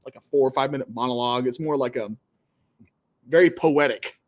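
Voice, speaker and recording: A man hosting a casual livestream, his voice sitting at an ordinary middle pitch. He rambles loosely from point to point, dropping crude jokes along the way. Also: a little fast. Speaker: livestream host.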